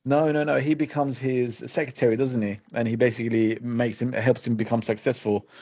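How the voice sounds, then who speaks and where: A man's voice: mid-range voice, little pitch movement, brisk, a little mellow. A man co-hosting a casual podcast, blunt and full of fillers. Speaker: podcast co-host. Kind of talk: casual chat. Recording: dull lo-fi sound.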